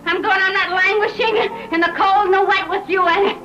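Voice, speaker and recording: An actress playing a lonely, drunken wife who slurs and swings between sneering and sobbing, in a 1970s film drama. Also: female voice, very high voice, steady tone, brisk, over music. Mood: defiant. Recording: dull lo-fi film soundtrack with score.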